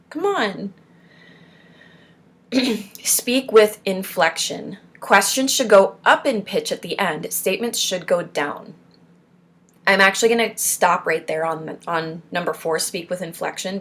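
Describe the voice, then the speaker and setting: A woman's voice: lowish voice, a bit bright. A young woman from Florida reads through speech exercises and adds encouraging asides as a support group host. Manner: encouraging, pep-talk asides between read points. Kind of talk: reading and commenting on speech exercises.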